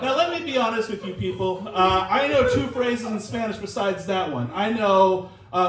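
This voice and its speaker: A man doing a stand-up set with a wry, self-deprecating delivery and filler pauses, into a handheld mic. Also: high-pitched, a crowd in the background. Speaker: stand-up comedian. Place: small comedy room in a comic shop. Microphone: handheld mic, recorded from the room. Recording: roomy, distant audience recording. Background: audience laughter.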